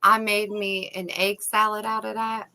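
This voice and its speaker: A woman, co-hosting a casual livestream chat, a loud, laughing, salty storyteller. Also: medium pitch, level tone, moderate pace, low-quality recording. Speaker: co-host.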